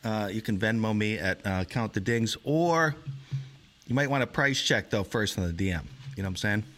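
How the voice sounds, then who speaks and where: A man's voice: on the low side, moderate pace, a bit bright. A man co-hosting a casual podcast chat, joking and rambling while eating. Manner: joking, talks with his mouth full. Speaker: podcast co-host.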